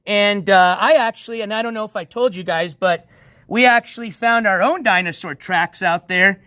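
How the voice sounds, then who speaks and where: High-voiced laid-back man streaming by a pool. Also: moderate pace, pushed and bright, no echo. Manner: laid-back, rambling, chuckles often. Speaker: livestream host. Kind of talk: casual livestream chat. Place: outdoors by a backyard pool at night. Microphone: handheld phone.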